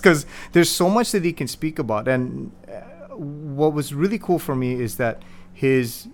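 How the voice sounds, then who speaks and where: A man hosting a podcast in Hawaii, introducing his guest in a casual, rambling way and acting out quotes with lively energy. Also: on the high side, normal speed, few pauses. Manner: rambling, animated retelling with acted-out quotes. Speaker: podcast host.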